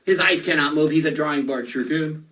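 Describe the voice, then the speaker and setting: A man performing a children's magic show, playful and animated as he talks to the kids. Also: on the high side, quick pace. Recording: distant mic, faint noise.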